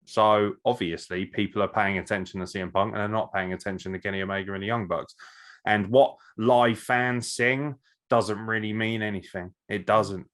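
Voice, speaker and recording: A man's voice: on the low side, steady tone, normal speed, a bit bright. A man co-hosting a casual podcast, talking in a blunt, profane and opinionated way. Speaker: podcast co-host.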